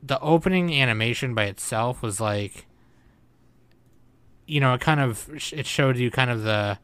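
Bright-voiced young man chatting casually. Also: mid-range voice, normal speed, smooth, no echo. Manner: laughs a lot, loose and profane. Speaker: podcast host. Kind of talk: casual chat.

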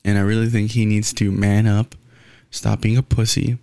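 A man's voice: flat delivery, normal speed, dark tone, dry recording. A man giving a blunt, profane, rambling sports rant in casual talk, full of restarts. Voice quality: gravelly, low.

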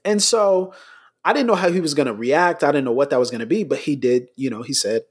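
Husky-voiced man telling a story. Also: fairly high pitch, lively intonation, fast talker. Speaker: pastor. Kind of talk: conversational podcast storytelling.

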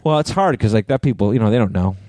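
A middle-aged man with a low, warm voice tells a story in casual podcast chat. He gets animated and profane as he goes, and the sound is dry and close. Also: quick pace, no room sound. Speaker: podcast co-host.

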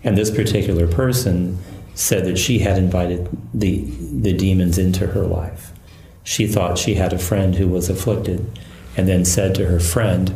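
A man who is a Catholic priest and exorcist, calmly recounting a case in an interview. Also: sits low, vocal fry. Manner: calm, measured storytelling. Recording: echoey room.

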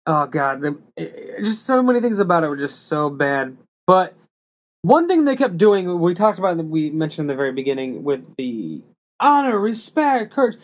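A man co-hosting a podcast, ranting in a casual, incredulous way about a bad movie and swearing now and then. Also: fairly high pitch. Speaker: podcast co-host. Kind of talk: casual movie review chat.

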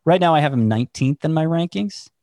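A man's voice: a little high, animated, quick pace, mellow, dry recording, studio quality. A man analyzing fantasy baseball in casual podcast chat, thinking aloud and correcting himself as he goes. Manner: thinking aloud, restarts, second-guesses himself.

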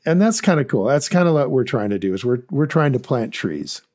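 Male podcast co-host, mid-pitched, animated and rambling, casual investing talk. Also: brisk. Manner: animated, rambling with restarts and fillers.

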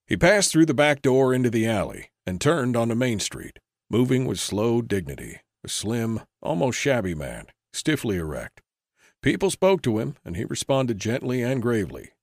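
A man giving measured scripted narration of an old-west audiobook. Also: mid-range voice, big pitch swings, no room sound. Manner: measured storytelling. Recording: dry close recording.

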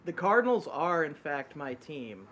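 A man's voice: a little high, very animated, a little slow, fairly bright tone. A man appearing as a podcast guest, chatting in a laid-back, playful way. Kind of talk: casual chat.

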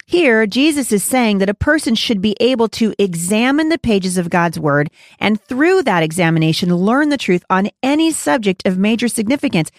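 A woman hosting a Bible study talk. She speaks earnestly and rises in pitch when she preaches. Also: expressive, moderate pace, hardly any pauses, no room sound, clean studio sound. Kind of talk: devotional teaching talk.

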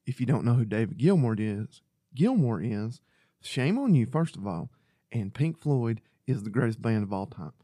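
A man co-hosting a podcast in casual chat, excitable and profane, laughing often. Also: mid-range voice, normal speed, breathy edge, no room sound, clean studio sound. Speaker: podcast co-host.

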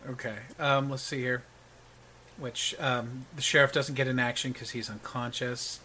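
A man's voice: medium pitch, fairly even intonation, measured pace, bright, forceful tone, slight background noise. A man narrating as game master of a tabletop game, describing the action with frequent ums.

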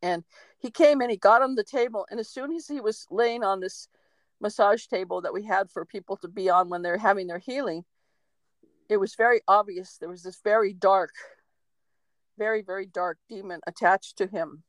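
Woman podcast host in her own voice, a lively storyteller who laughs and acts out quotes, mid-pitched, dry studio sound. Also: moderate pace, no room sound, poor audio. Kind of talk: casual storytelling chat.

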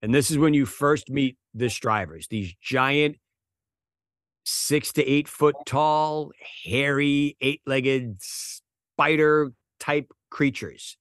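A man's voice: mid-range voice, slow, fairly bright tone, no room sound, clean studio sound. A man with a Boston accent hosting a casual book chat over an online call, chatty and profane. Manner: chatty, profane, repeats words.

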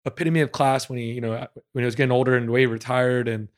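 A man's voice: medium pitch, fairly even intonation, racing. Reflective man in his thirties. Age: 30s. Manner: reflective, thoughtful, leans on "you know what I mean". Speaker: podcast co-host. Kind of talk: casual podcast chat.

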